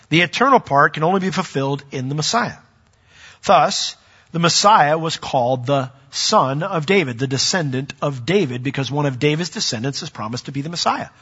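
Husky bright-voiced pastor preaching, acts out stories, dull echoey hall recording. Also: male voice, medium pitch. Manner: animated storytelling, acts out voices. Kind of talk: sermon.

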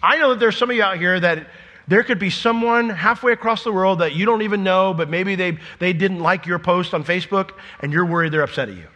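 A middle-aged man preaching a sermon, lively and joking, acting out imagined conversations before dropping to a quieter, earnest tone. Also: high-pitched, a little fast, big-room sound. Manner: animated, jokey, acts out imagined dialogue.

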